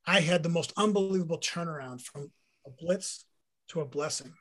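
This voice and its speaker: A middle-aged man, a former pro football player, telling a personal faith story in an interview with earnest, animated delivery. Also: a little high, moderate pace. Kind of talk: personal faith testimony in conversation.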